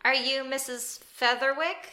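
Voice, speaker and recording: A woman playing a tabletop game, speaking as her character in an eager, animated way. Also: high voice, a little slow. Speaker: player. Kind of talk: tabletop role-play.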